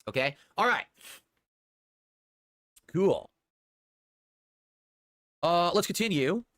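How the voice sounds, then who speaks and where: A man's voice: high voice, lively intonation, drawn-out words, a bit bright, no room sound, clean studio sound. A man streaming live, chatting casually and answering viewer tips in a rambling way that repeats itself. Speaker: livestreamer.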